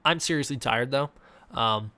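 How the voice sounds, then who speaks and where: Broadcasting indoors at home, a young man casually answers chat questions on a live stream, filling gaps with frequent fillers. He speaks at a moderate pace in a mid-range, sharp-toned voice that sounds smooth with no echo through his desk mic and face cam.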